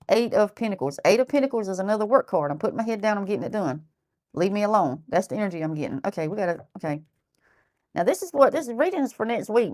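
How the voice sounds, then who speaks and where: A woman's voice: medium pitch, a little mellow. A woman giving a casual tarot reading who talks bluntly, thinks aloud and repeats herself. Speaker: tarot reader.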